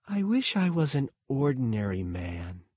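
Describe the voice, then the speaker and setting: A man reading an audiobook, voicing a calm, eerie male killer who speaks softly and slowly. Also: medium pitch, husky, no echo, clean studio sound, voice pushed up. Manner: soft, slow, unsettlingly calm.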